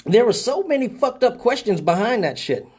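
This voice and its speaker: A man hosting a live show, telling a profane story in a casual, animated way and laughing often. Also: very high-pitched, normal speed, husky. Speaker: host of a live call-in show.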